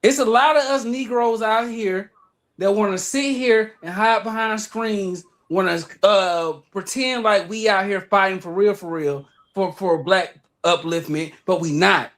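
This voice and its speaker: A man's voice: high-pitched, measured pace, fairly bright tone. A man from Atlanta with an Atlanta Southern accent, ranting emphatically and profanely on a livestream, often repeating himself. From Atlanta, Georgia. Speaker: livestream guest. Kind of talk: heated livestream rant.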